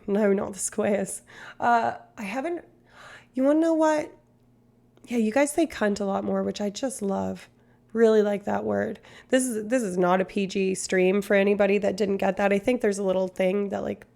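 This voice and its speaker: Chatty woman with a gravelly edge. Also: medium pitch, darkish tone. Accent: put-on Australian, slipping at times. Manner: chatty and self-mocking, laughs often, swears casually. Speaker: streamer. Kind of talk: casual livestream chat.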